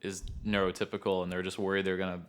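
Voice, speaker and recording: A man's voice: low voice, completely flat delivery, fast talker, clear, resonant tone. A man co-hosting a podcast, talking loosely about his work with autistic clients, with many filler words. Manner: rambling, loose, lots of filler words and laughs. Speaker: podcast co-host who works with autistic clients. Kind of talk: casual podcast chat.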